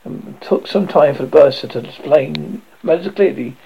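A man narrating a comic fantasy novel with a lively, expressive reading. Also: on the high side, normal speed, creaky, husky, lo-fi sound. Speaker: audiobook narrator.

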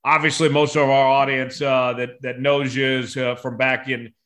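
A man hosts a casual podcast interview, pausing often on fillers as he sets up his questions. His voice is bright and sharp, at an ordinary middle pitch. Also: little pitch movement. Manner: warm praise, halting with many uh fillers. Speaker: podcast host.

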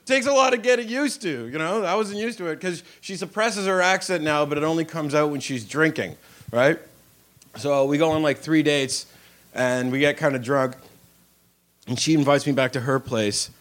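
Young guy doing standup, slightly high voice, raunchy self-mocking stories into a stage mic. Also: moderate pace, a bit bright. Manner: crude, self-mocking storytelling with acted-out voices. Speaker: stand-up comedian. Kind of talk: stand-up set. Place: comedy club stage with live audience.

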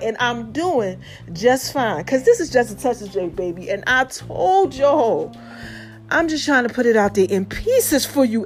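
A woman in her forties with a high voice, holding forth in a sassy, playful monologue for her podcast. She laughs easily and talks straight to her listeners. Faint music plays underneath. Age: 40s. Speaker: podcast host. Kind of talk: casual motivational monologue.

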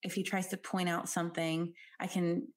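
A woman's voice: lowish voice, flat delivery, normal speed. A woman hosting a podcast interview, talking in a reflective, conversational way with frequent fillers. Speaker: podcast host.

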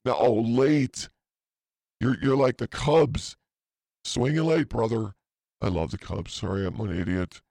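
A man's voice: medium pitch, unhurried, vocal fry, a little mellow, no echo. A man in his fifties hosting a podcast, telling a rambling story in a profane, self-mocking way, full of asides. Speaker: podcast host.

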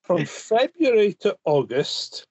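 High-voiced man, blunt co-host. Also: big pitch swings, slow, darkish tone, no room sound. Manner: blunt, swearing, teasing. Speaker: podcast co-host. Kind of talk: casual chat.

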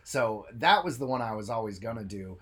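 A man co-hosting a podcast in casual chat, animated and jokey, who talks about his own film work. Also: lowish voice, fairly quick, slightly rough. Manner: animated, jokey, bursts into silly voices. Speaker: podcast co-host.

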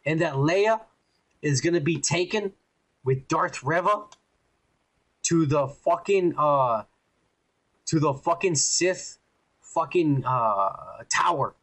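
A man co-hosting a podcast in casual chat, rambling and excitable, swearing often. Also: fairly high pitch, slow pace, long pauses. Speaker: podcast co-host.

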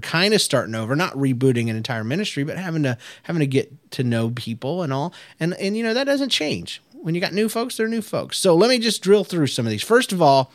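Man in his thirties, children's pastor, casual podcast chat, upbeat and rambling, mid-pitched voice, dry close mic. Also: no echo. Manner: chatty, upbeat, many fillers and restarts.

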